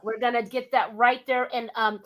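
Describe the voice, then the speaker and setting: High-voiced, animated woman talk host. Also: normal speed, highs cut off. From Southern California. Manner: animated, laughs often, calls guest "dear" and "girl". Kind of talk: casual interview chat.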